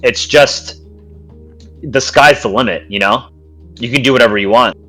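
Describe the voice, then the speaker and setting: A man's voice: medium pitch, normal speed, pushed and bright, faint music behind, poor audio. A man co-hosting a podcast in casual chat, rambling easily from point to point. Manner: rambling, easygoing, "you know" fillers. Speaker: podcast co-host. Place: podcast studio.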